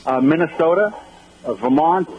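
A man calling in to a radio show, talking casually, hurried and apologetic as he gets distracted. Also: on the high side, animated, darkish tone. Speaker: phone-in guest, event organizer. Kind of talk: casual radio phone interview. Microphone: phone line. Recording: dull lo-fi phone line.

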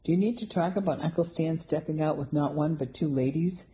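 A woman's voice: low voice, dark tone, close to an everyday voice, low-quality recording. A woman voicing a blunt, determined heavily pregnant woman in a read-aloud story. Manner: matter-of-fact and brisk.

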